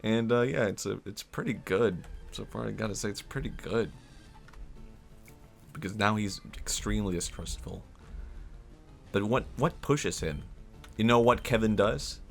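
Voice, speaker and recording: A man's voice: fairly low pitch, unhurried, creaky, pauses often, faint music behind. A young man casually telling a rambling, amused story on a live stream, with many fillers.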